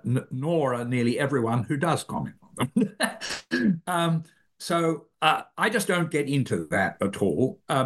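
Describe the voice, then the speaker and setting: A man being interviewed as an author, explaining ideas thoughtfully, pausing and correcting himself often. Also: mid-range voice. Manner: thoughtful, halting, self-correcting. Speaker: author guest. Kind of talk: academic interview answer.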